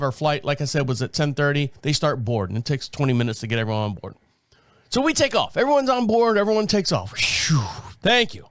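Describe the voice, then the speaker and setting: A man's voice: a little high, no room sound, clean studio sound. A man hosting a podcast, telling a casual story with lots of swearing and laughter. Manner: animated, profane, laughs often. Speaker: podcast host.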